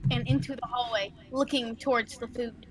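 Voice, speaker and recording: A woman's voice: a little high, fairly even intonation, normal speed, background noise. A woman playing a tabletop game, describing her character's actions playfully. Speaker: player. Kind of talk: tabletop role-play.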